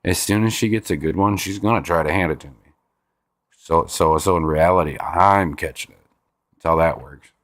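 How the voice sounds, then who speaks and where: Clean, dry studio sound captures a deep-voiced, slightly bright man speaking at normal speed on a casual livestream. An easygoing dad of a five-year-old nursing a stiff, sore neck, he rambles through viewer comments and repeats himself.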